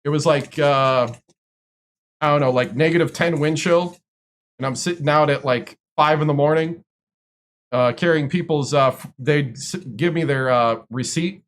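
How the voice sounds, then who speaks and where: A man's voice: fairly high pitch, moderate pace, a bit bright. Rambling male streamer telling stories. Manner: rambling, filler-heavy storytelling. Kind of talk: casual chat.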